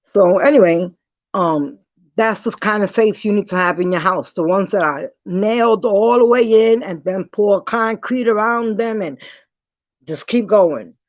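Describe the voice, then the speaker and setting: A woman vlogger telling a personal story in a blunt, profane, animated way. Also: mid-range voice, measured pace, no echo, muffled recording. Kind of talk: casual storytelling.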